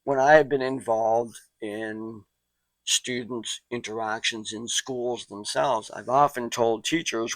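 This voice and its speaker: A man's voice: medium pitch, fairly even intonation, dry recording, low-quality recording. Conversational male psychology lecturer. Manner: conversational, digressive, with asides and quick impressions. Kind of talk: recorded college lecture.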